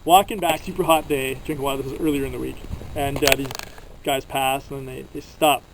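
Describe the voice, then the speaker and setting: A man's voice: medium pitch, fairly even intonation, a little fast, background noise. A young man from Canada telling travel stories in a casual, rambling vlog, full of fillers, recorded outdoors at a desert campsite. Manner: rambling, filler-heavy storytelling. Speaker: vlogger.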